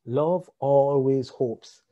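A man's voice: mid-range voice, very slow, narrow, tinny audio. A Jamaican man preaching about marriage, asking rhetorical questions, repeating phrases and chuckling often. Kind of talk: sermon on marriage.

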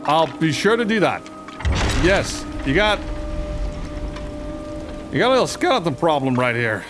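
A man commentating his own gameplay in a casual, profane and excitable way, reacting aloud to the game. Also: mid-range voice, moderate pace, pauses often, faint music behind. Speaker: gaming video host. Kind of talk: casual let's play commentary.

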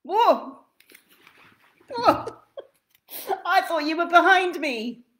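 A woman's voice: sits high, big pitch swings, normal speed, a little mellow, voice pushed up. A woman doing a polite, nosy little man. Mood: startled. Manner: polite, slightly fussy.

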